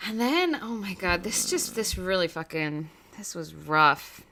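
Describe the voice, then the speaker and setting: A woman's voice: on the low side, measured pace, hardly any pauses, sharp tone. A young woman co-hosting a podcast, recapping a TV episode in casual chat, emotional and rambling, swearing freely. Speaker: podcast co-host.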